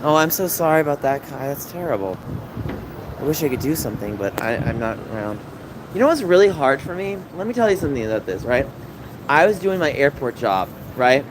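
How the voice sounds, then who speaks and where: A man's voice: fairly high pitch, big pitch swings, a little fast. Man in his thirties streaming outdoors. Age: 30s. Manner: chatty and emotional, reading out viewer comments. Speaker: livestreamer. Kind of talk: casual livestream chat. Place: city streets at night, outdoors. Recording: street noise behind. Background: city traffic noise.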